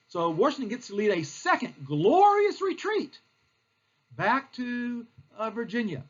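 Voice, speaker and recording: A male history teacher telling a lesson as a playful, animated story, with lots of fillers. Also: sits high, breathy edge, dull audio.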